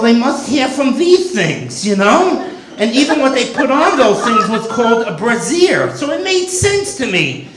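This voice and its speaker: Man, stand-up comic, very high voice, lively delivery, echoey club. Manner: wisecracking, deadpan delivery. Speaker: stand-up comedian. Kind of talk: stand-up comedy set. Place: comedy club stage.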